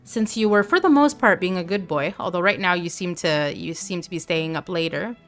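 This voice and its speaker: A woman livestreams a video game, chatting casually with viewers, reading their messages aloud and tossing in playful asides. Her lowish voice is fairly quick and a bit bright, with faint music in the background.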